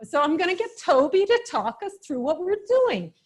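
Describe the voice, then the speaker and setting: A woman's voice: extremely high pitch, big pitch swings, moderate pace. A woman teaching a live online yoga class for children, giving playful, encouraging cues and laughing often over a video call.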